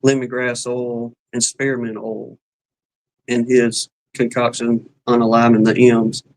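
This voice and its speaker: A man with a Southern drawl talks casually on a live stream, folksy and rambling, stopping often to hunt for a word. His voice sits at an ordinary middle pitch. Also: flat delivery, a little slow, darkish tone, rough recording. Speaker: beekeeping livestream co-host. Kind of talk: casual chat.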